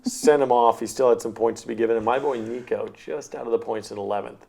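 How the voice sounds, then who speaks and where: A man's voice: medium pitch, steady tone, fast talker, gravelly, mellow, slightly rough. A man co-hosting a casual podcast chat, joking and self-mocking as he talks. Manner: jokey, self-mocking, chatty. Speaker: co-host.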